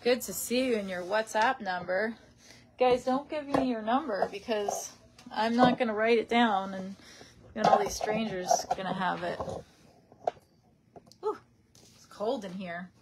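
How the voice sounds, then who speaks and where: A woman's voice: medium pitch, measured pace, long pauses, heavy background noise. A young woman chatting casually on a live stream from her parents' house, reading out viewer comments on a webcam mic.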